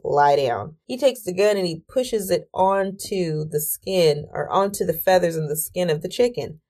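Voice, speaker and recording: Telling a story on her podcast, a female host rambles casually and exclaims often, swearing without restraint and taking deep breaths to talk herself down.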